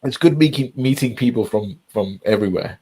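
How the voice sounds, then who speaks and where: A man's voice: medium pitch, a little fast, warm tone, husky, poor audio. A man chatting casually, rambling and repeating himself, swearing often. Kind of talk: casual chat.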